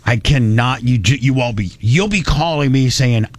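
A man hosts a radio show with a medium-pitched voice at a moderate pace, and the recording has no echo. He chats casually and jokes, often restarting and correcting himself in typical talk radio style.

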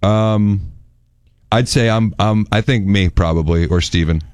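A man's voice: on the low side, unhurried, darkish tone, clear, resonant tone, dry recording, studio quality. A man in a casual conversation who chimes in and finishes the other speaker's sentences. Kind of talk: casual chat.

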